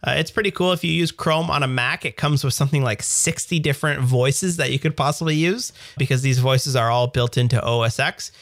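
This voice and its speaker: A man's voice: medium pitch, a bit bright, no echo, clean studio sound. A Canadian man in his thirties co-hosting a podcast, explaining things in an upbeat, jokey way with lots of examples. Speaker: podcast co-host. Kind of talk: casual tech chat.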